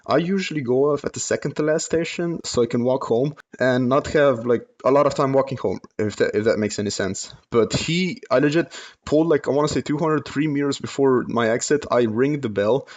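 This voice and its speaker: Young man, late teens, casual storytime, rambling, many fillers, mid-pitched voice. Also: fairly quick, a little mellow, highs cut off. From Slovenia. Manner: rambling, lots of fillers and self-corrections, laughs while telling. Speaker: vlogger, storyteller.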